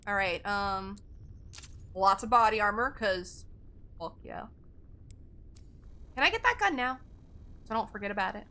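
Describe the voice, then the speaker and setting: A woman's voice: mid-range voice, animated, measured pace, pauses often, bright, forceful tone. A woman streamer chatting casually while playing a game, correcting herself often and swearing now and then. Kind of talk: casual gameplay commentary.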